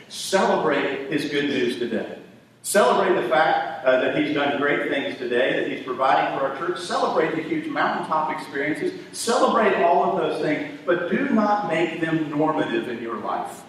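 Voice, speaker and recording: Male pastor mid-sermon, shifts from forceful to quiet, recorded from afar in a reverberant sanctuary with faint background noise. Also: on the high side. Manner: preaching with swells from loud emphasis to near-hushed tones. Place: church sanctuary. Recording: echoey hall from far off.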